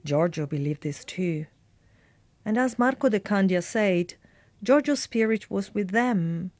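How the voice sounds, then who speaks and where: A woman reading a translated voice-over in a measured way. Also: mid-range voice, animated, darkish tone, no echo.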